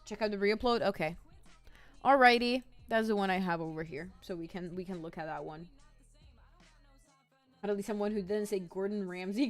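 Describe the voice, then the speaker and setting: A woman's voice: medium pitch, normal speed, soft background music. A woman streamer chatting casually and rambling as she reads chat messages aloud.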